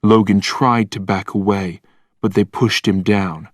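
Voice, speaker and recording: Slow, deliberate male storyteller. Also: lowish voice, no echo, studio quality. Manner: calm, plain, deliberate. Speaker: narrator. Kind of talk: slow scripted narration for language learners.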